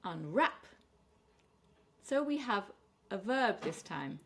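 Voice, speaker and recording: Woman teaching English pronunciation clearly. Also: medium pitch, expressive, slight background noise. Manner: clear, deliberate, stressing words slowly. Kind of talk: pronunciation lesson.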